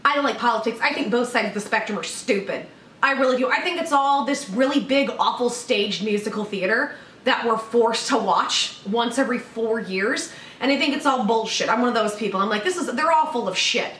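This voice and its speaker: A woman's voice: on the high side, a little fast, a bit bright. A woman giving casual, blunt reaction commentary, swearing freely. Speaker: commentary vlogger reacting to a video. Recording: echoey room, distant mic, faint background noise.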